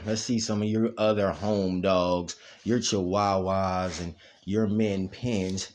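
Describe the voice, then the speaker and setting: A man hosting a casual dog vlog at home, rambling and repeating "you know what I mean" as he plays with his dog. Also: low voice. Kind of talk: casual chat. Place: at home, indoors. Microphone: camera.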